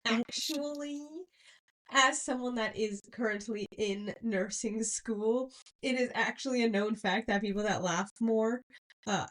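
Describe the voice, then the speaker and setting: A woman's voice: a little high, a bit bright. A young American woman co-hosting a casual book podcast, giggling and rambling through her retelling with lots of fillers. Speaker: podcast co-host. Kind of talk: casual book-club chat.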